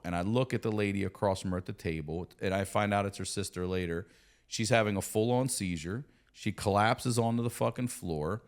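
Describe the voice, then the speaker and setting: A middle-aged man telling a story casually in a studio, animated and profane. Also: low-pitched. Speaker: comedian and podcast guest.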